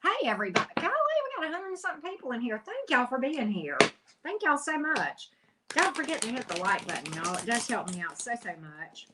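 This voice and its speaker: Somewhat high with big pitch swings, this tarot streamer talks fast with hardly a pause, and the recording is very noisy. She greets viewers by name and keeps things chatty and teasing while reading cards on her casual livestream.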